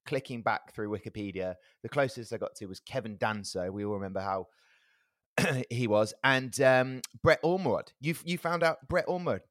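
A man's voice: medium pitch, normal speed, no echo, clean studio sound. A young adult man co-hosting a football podcast, chatty and laughing easily as he tells stories. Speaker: podcast co-host. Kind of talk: casual chat.

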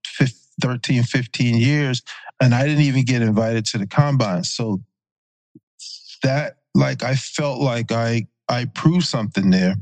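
Male, 40s, podcast guest; easygoing anecdotal delivery, medium pitch, dry studio sound. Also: unhurried, no room sound. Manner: relaxed anecdotal retelling with fillers and self-corrections. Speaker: podcast guest, former pro football player. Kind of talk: casual storytelling.

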